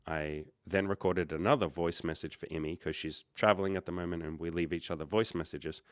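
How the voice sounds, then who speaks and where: A man with a very low voice tells a story in a casual, rambling way and corrects himself as he goes. He hosts a livestream and acts out quoted dialogue. The sound is dry and close to the mic. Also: no echo. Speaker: livestream host and coach.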